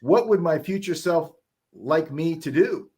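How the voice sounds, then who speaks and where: Podcast guest, man with a high voice, punchy motivational storyteller. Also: measured pace, husky. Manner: energetic, emphatic, acts out voices.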